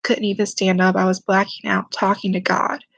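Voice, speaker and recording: A young woman telling a personal story to camera, speaking quietly and haltingly, close to tears. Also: mid-range voice, level tone, gravelly, no room sound, rough recording. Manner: quiet, halting, emotional, holding back tears. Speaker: vlogger.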